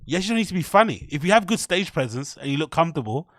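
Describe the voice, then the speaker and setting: A man's voice: on the high side, very animated, quick pace, a bit bright, dry recording, clean studio sound. Blunt British man hosting a stream. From United Kingdom. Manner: blunt, rambling, swears freely. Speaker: livestream host. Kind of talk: livestream reaction commentary.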